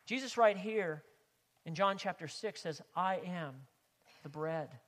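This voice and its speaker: A man preaching a sermon as pastor, with impassioned emphasis that swings between loud declarations and hushed, near-whispered lines. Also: sits high, slow, long reverb tail.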